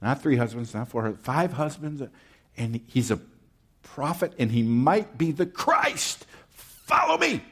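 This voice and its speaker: A male preacher voicing a boastful village woman who tells everyone her news, breezy and animated with big leaps in pitch. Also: unhurried, exaggerated voice.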